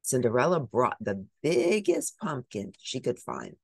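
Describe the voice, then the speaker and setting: A woman reading a picture book aloud, expressive and animated. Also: very deep voice, measured pace, vocal fry, slightly rough, no room sound. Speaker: storybook reader.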